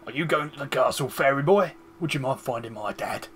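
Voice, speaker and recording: A man's voice: mid-range voice, lively intonation, brisk, fairly bright tone, a little hiss or hum, close to an everyday voice. A man voicing a cheerful young farm girl from a game, with a put-on Cockney accent. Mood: chirpy.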